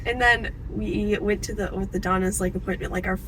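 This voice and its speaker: A woman's voice: mid-range voice, steady tone, brisk, a bit bright, slight background noise, rough recording. A teenage American girl chatting playfully with her mom in a car. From United States. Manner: giggly, playful. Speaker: vlogger's daughter. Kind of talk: casual family chat.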